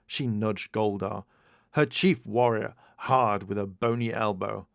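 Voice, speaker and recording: A man's voice: fairly low pitch, unhurried, creaky, no room sound. A man narrating a children's storybook as an audiobook, reading expressively into a close mic. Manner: expressive read-aloud narration.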